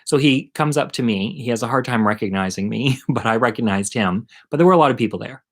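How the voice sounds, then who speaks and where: A middle-aged man telling a personal story at home in a chatty, animated, self-mocking way. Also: medium pitch, fast talker. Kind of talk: casual storytelling monologue.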